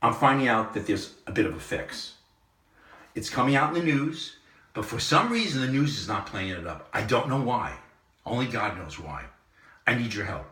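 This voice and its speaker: A man hosting his own commentary channel, delivering an impassioned monologue that repeats phrases and swings between loud and soft. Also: mid-range voice, expressive, moderate pace, echoey room, recorded from a distance. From Southern California. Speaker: online commentary host.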